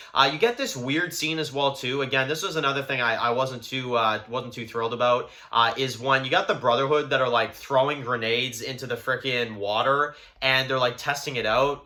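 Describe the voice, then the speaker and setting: A man's voice: mid-range voice, bright, forceful tone. A young man giving a casual, rambling review of a show's episodes, full of fillers and exasperated gripes. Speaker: show reviewer.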